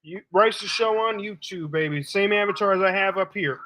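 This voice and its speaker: High, bright-voiced man hosting a live debate. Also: moderate pace, poor audio. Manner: blunt, assertive, calls people baby. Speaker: live stream debate host. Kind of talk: casual live stream debate.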